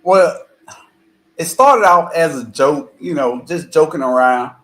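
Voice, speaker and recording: A man's voice: a little high, unhurried, fairly bright tone. Easygoing man on an echoey call. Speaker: guest gardener. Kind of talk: casual interview chat on a live stream.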